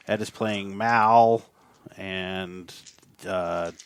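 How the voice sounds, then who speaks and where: A man's voice: low voice, very slow, clear, resonant tone, dry recording. A young man hosting and playing in a casual tabletop game, joking around playfully. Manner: playful, jokey, lively delivery. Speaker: player and host.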